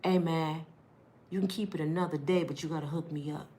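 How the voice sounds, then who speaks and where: A woman's voice: deep voice, steady tone, fairly quick, mellow, pitched below the performer's own voice, lightly acted. A woman doing a sly hustling young man.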